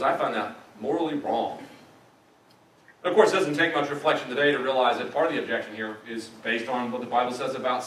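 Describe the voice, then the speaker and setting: A man's voice: mid-range voice, a bit bright, a little hiss or hum. A middle-aged man giving a teaching lecture at a church in a conversational way with dry humor. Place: church sanctuary. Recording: echoey church room from a distance, faint ambience.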